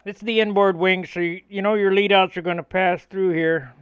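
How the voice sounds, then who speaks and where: A man's voice: sits high, fairly even intonation, moderate pace, fairly bright tone, clear, resonant tone, dry recording, muffled recording. An older man casually telling stories with chuckles while building a model airplane in his workshop. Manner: rambling, chuckling storyteller.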